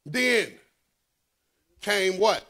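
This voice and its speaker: A man preaching a sermon, swinging between loud rises and low hushed asides. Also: lively intonation, very slow. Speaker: pastor.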